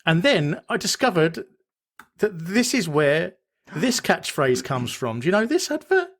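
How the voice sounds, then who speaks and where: A rambling British man hosts a podcast in casual chat. He often corrects himself mid-sentence and speaks a bit higher than most men. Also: big pitch swings, unhurried, a bit bright. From Britain. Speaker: podcast host.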